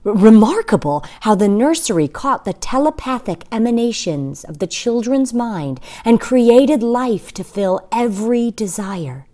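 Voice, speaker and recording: Expressive woman reading a story aloud. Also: on the high side, a little slow, hardly any pauses. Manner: expressive, with asides to listeners. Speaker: reader.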